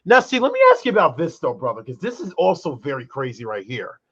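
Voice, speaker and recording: A man co-hosting a casual chat show, animated and rambling, leaning on fillers like "though" and "brother". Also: medium pitch, fast talker, slightly rough. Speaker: co-host. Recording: dull lo-fi sound.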